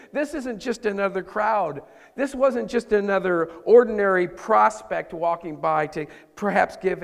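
A man preaching a sermon as pastor, moving between loud emphasis and hushed, intimate asides. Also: sits high, gravelly. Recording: long hall reverb.

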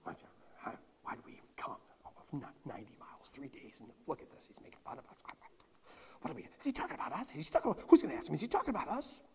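A man's voice: fairly high pitch, huge pitch swings, racing, big-room sound, a little hiss or hum, voice pushed down. Man doing muttering indignant old-world clerics. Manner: hushed muttering whisper. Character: grumbling group of ancient religious leaders, men, indignant.

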